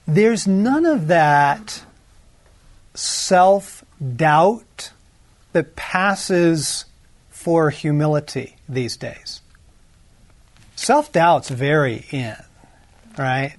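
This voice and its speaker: A man teaching from the Bible in a relaxed, conversational way, acting out quoted lines with lively jumps in pitch. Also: slow pace, long pauses, no room sound. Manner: conversational, animated, acts out quotes with shifts in pitch.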